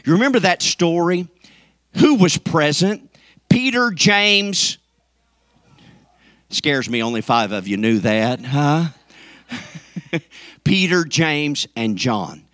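Male pastor, fervent sermon, high-pitched voice, dry close sound, big swings between shouting and hushed delivery. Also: big pitch swings, takes it slowly, pauses often, no echo. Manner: fervent preaching that swings from shouts to near whispers, calls to the congregation.

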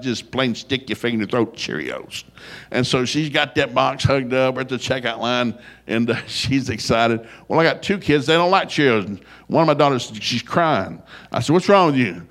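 Older man, folksy humorous storyteller, animated, mid-range voice. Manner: folksy, animated, gets loud and high when quoting himself.

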